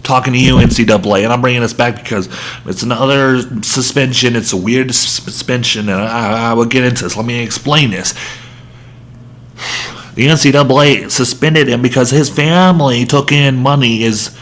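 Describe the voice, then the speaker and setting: A man's voice: mid-range voice, normal speed, a bit bright, a little hiss or hum. A man hosting a sports talk show, ranting heatedly with a self-aware, joking edge. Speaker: podcast host. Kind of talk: sports rant.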